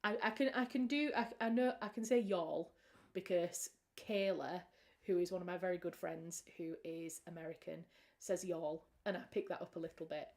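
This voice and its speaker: A woman's voice: lowish voice, normal speed, a little mellow. A British woman, a writer hosting a livestream, chatting casually and rambling with frequent restarts.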